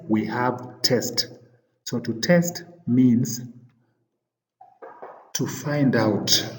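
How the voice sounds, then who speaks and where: A male teacher giving a vocabulary lesson, defining words slowly and repeating them. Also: lowish voice, a little mellow, long reverb tail, rough recording.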